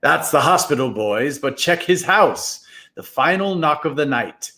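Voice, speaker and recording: A man voicing a mysterious, commanding man in a storybook reading, speaking slowly and drawn out. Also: a little high, lively intonation, sharp tone, heavily acted.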